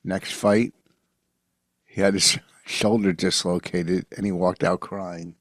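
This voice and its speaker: A middle-aged man co-hosting a podcast, grumbling and defending himself in a gruff, curmudgeonly manner. His voice is lowish, and the sound is dry and close, with no room echo. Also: flat delivery, takes it slowly. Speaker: podcast co-host, comedian. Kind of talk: casual banter with spouse.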